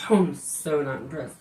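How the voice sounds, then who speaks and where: A woman's voice: low voice, noisy background. A woman streamer chatting casually to her viewers, laughing often and swearing freely as she tells stories. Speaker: live streamer. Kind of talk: casual chat on a live stream.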